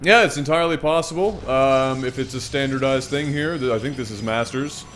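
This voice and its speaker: A man's voice: mid-range voice, a little fast, a bit bright, a little hiss or hum. A man casting a video game match in a casual, joking, irreverent way, swearing now and then. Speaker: game commentator. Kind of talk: casual esports commentary.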